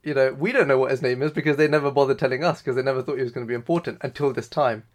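Man, mid pitch, casual recap chat, loose retold quotes. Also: fairly even intonation, very fast. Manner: retells scenes with loose quoted lines. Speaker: podcast co-host.

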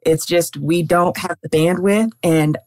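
A young woman speaking as an interview guest, giving advice in a calm, measured manner. Her voice is low for a woman. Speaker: lawyer and guest. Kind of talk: casual interview chat.

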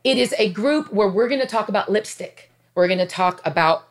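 A woman in her fifties talking earnestly and chattily to her viewers, emotional and near tears, with quick asides. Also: mid-range voice, animated. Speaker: faith vlogger. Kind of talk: heartfelt casual talk to camera.

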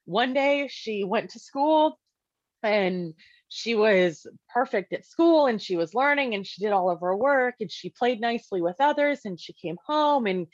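A woman's voice: fairly high pitch, expressive, a little slow, dry recording. Woman, parent sharing her own story, loose chatty delivery, acts out quotes, dry slightly muffled sound. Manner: conversational, many "like" fillers, acts out quoted dialogue. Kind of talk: casual personal storytelling.

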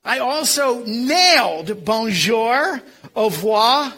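Pastor with a Philadelphia accent, a man in his fifties, high, bright voice, homespun and self-mocking in the pulpit. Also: sing-song, slow. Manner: folksy, self-deprecating humor with frequent um and uh. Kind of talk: sermon.

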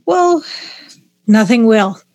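Pittsburgh-accented woman, high and very dry. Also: expressive, a little mellow, no room sound. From Pittsburgh, USA. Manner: laughs often, quick storytelling with slips and restarts. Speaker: comedian guest. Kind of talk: casual podcast chat.

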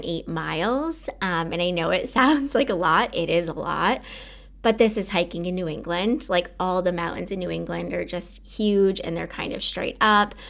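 A woman with a fairly low voice hosts a casual podcast, speaking in a candid, earnest, conversational way. She talks straight to the listener in a relaxed personal monologue, dropping in many fillers. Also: gravelly. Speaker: podcast host.

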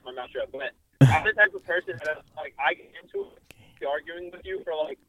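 A young man telling a story in a casual interview, animated and full of fillers, calling in over a breaking-up phone line. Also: on the high side, fairly quick, no room sound. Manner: animated, filler-heavy, swearing. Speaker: car photographer guest. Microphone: phone call, breaking up. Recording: dry thin phone line.

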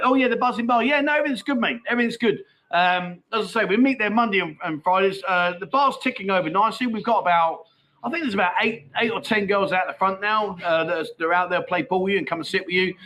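A man's voice: sits high, pushed and bright. A middle-aged man, hosting a casual livestream and bantering cheekily with viewers as he reads out their comments. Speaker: livestream host.

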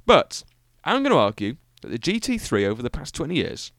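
A man's voice: a little high, wildly swooping pitch, brisk, fairly bright tone, no room sound, studio quality. A young British man hosting a solo car-review podcast, talking in a rambling, enthusiastic, self-mocking way with lots of fillers. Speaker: podcast host.

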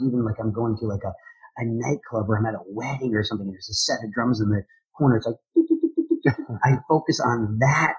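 A man being interviewed as a drummer and speaker, talking in an energetic, rambling way with many restarts. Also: mid-range voice, slightly rough, dull audio. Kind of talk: casual interview chat.

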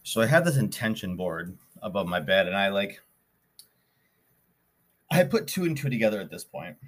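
A man's voice: lowish voice, very animated, moderate pace, fairly bright tone. A man hosting a podcast, telling a story in a rambling, casual way with many restarts. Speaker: podcast host.

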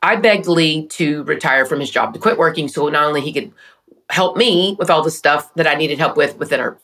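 A woman's voice: low voice, brisk, a bit bright, far from the mic. A middle-aged woman hosting a personal faith podcast, talking in an earnest, conversational way with playful asides. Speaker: podcast host.

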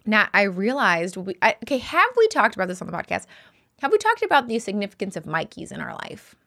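A young adult woman co-hosting a casual podcast, chatty and animated as she tells stories. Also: medium pitch, a little fast. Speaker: podcast co-host. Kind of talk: casual chat.

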